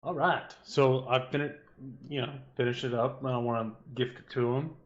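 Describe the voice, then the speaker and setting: A man's voice: mid-range voice, fairly even intonation, normal speed. A man talking casually as a player in a tabletop game, easygoing and plain. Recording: slightly dull lo-fi audio.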